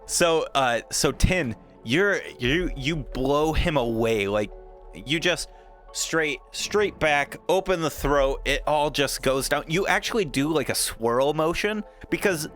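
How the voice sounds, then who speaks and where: A man's voice: on the high side, lively intonation, slow pace, a bit bright, soft background music. A man narrating a tabletop game as dungeon master, casual and laughing often, with many fillers.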